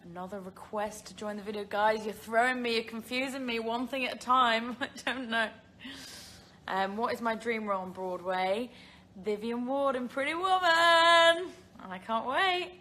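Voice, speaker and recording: On a relaxed phone livestream, a young actress from England reads out questions from fans and chats, frequently laughing and filling gaps with filler words. Her voice is a little high and a bit bright, with a steady tone at normal speed, over slight background noise.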